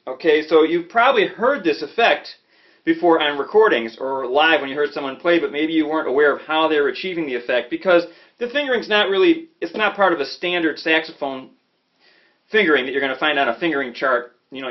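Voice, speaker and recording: A man from Chicago giving a relaxed saxophone lesson, talking conversationally and checking in often with "okay?" and "you know". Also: on the high side, fairly quick. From Chicago, USA. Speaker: saxophone teacher. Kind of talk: casual instructional talk. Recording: slightly dull lo-fi audio with faint music.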